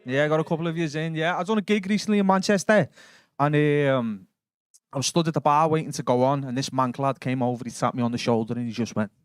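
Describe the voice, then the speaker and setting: A young man with a Liverpool Scouse accent doing a stand-up set in a comedy club, chatty and sweary, telling quick stories and working the crowd. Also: a little high, clear, resonant tone, no echo. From Liverpool, England.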